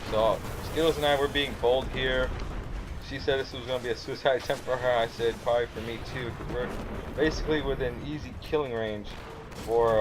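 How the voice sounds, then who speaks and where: A gamer who hosts a channel talks in a mid-range voice, giving casual, rambling play-by-play over his own gameplay footage. Game sounds play behind him, and the background is noisy.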